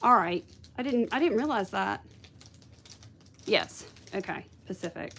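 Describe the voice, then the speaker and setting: A woman's voice: mid-range voice, lively intonation, a little slow, fairly bright tone, husky. A woman hosting a casual craft livestream, chatting with viewers and thinking aloud. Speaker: craft video host.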